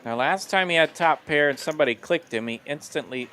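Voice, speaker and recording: A man's voice: fairly high pitch, a little fast, sharp tone, a little hiss or hum. A man calling live poker play-by-play in an upbeat manner, laughing easily. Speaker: poker commentator.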